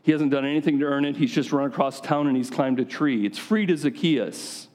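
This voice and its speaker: A man's voice: mid-range voice, brisk, a little mellow. A man preaching a sermon to a gathering of men in a conversational style, often putting questions directly to his listeners.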